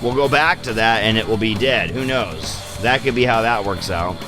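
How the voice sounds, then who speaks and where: A man vlogging casually about his bass gear, loose and profane, joking and acting out his own reactions. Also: moderate pace. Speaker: vlogger and musician. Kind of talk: casual rambling vlog. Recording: music playing behind the voice.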